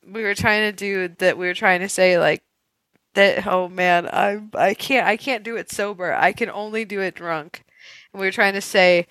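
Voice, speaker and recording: A woman's voice: fairly low pitch, a bit bright, smooth, no room sound, low-quality recording. A young woman co-hosting a podcast in casual chat, crude and joking, laughing often. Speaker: podcast co-host.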